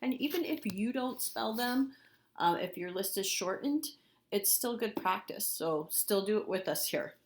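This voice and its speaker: A woman teacher, middle-aged, giving a recorded spelling lesson to children, slowly sounding out letters and syllables. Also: mid-range voice, lively intonation, slight background noise. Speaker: third grade teacher.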